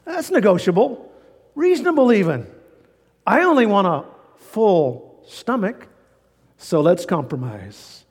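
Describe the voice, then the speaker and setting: A big black bear coaxes in a soft, smooth voice, as a male preacher puts it on in a joke. The voice sits well above a man's usual pitch. It rings with a long hall reverb. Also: sing-song, a little slow, pauses often, full character voice. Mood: coaxing.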